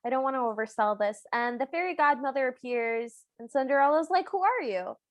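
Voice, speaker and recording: A woman's voice: high voice, fairly quick, no echo, dull audio. A woman co-hosting a podcast, recapping the plot with wry, playful sarcasm. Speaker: podcast co-host. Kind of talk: casual chat.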